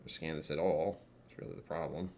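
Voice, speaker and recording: A man's voice: rumbling low, fairly even intonation, fairly quick, warm tone, a little hiss or hum. A man hosting a whiskey tasting livestream, chatting casually with viewers in a wry, self-mocking way.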